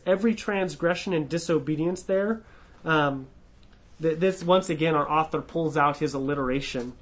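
Man preaching a conversational sermon. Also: a little high. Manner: conversational, often adds a questioning "right?" and restarts words; slows down to stress key phrases. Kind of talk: expository sermon.

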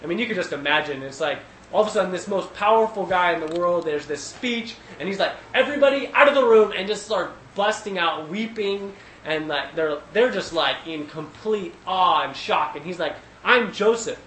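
A man with a slightly higher voice leads a relaxed Bible study, thinking out loud and restarting his sentences often. He livens up when he retells a scene. The room is echoey, with a faint hiss behind him. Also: moderate pace. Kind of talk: casual Bible study teaching.

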